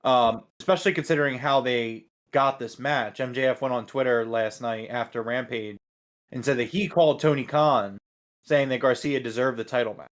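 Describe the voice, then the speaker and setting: A man's voice: medium pitch, normal speed. A man co-hosting a podcast in casual chat, talking things through and often repeating words as he thinks. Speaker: podcast co-host.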